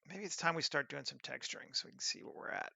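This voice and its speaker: A man's voice: a little high, fast, creaky, bright, forceful tone, breathy edge, no echo. A man working on a 3D scene who thinks aloud, muttering half-finished commands to himself.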